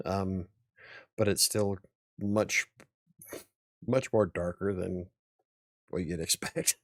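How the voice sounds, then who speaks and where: A male host chats easily in a casual interview, pausing on fillers as he talks. His voice sits low with a gravelly fry, recorded close and dry with no room sound. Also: steady tone, no echo. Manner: easygoing, halting with fillers.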